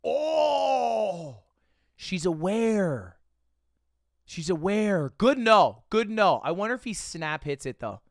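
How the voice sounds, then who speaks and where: A man streaming live and reacting to a video with animated, profane, mocking commentary. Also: high voice, measured pace, no echo, studio quality.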